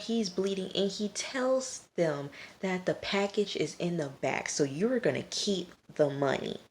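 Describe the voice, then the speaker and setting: A woman's voice: on the low side, expressive, measured pace, few pauses, a little mellow, slight background noise. A woman chatting straight to her viewers as she recaps a TV episode, scolding the characters as she goes. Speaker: TV episode reviewer. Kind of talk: casual episode recap to camera. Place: at home late at night.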